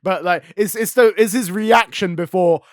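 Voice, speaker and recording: A young man co-hosting a podcast in casual chat, laughing often and dropping into low mumbles to act out quotes. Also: moderate pace, no room sound, clean studio sound. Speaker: podcast co-host.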